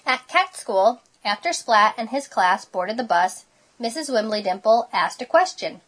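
A woman reading a picture book aloud, expressive and unhurried, adding her own asides. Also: mid-range voice. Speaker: storybook reader.

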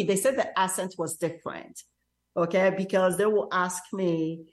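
A middle-aged Nigerian woman, Igbo her first language, telling stories in an interview with thoughtful pauses. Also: lowish voice. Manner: thoughtful, storytelling with hesitations. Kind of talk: casual interview.

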